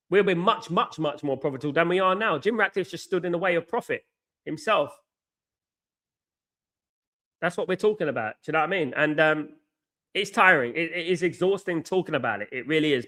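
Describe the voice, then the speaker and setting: Ranting man, fairly high voice. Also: fairly bright tone. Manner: frustrated, repetitive ranting with many fillers. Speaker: host of a football fan channel. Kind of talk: live watchalong rant to viewers.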